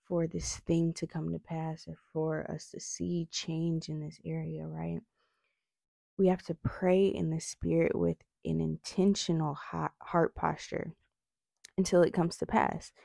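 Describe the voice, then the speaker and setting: Young woman w/ retainers talking prayer, low and gravelly, kinda mellow, says right a lot. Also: no echo. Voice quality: slight lisp from retainers. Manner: earnest, says "right?" often. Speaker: faith vlogger. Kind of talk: devotional teaching talk.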